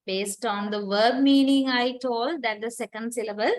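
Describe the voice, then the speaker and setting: A woman's voice: on the high side, moderate pace. A woman who is not a native English speaker, lecturing on English linguistics, explaining patiently step by step and repeating words to model them. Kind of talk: recorded university lecture.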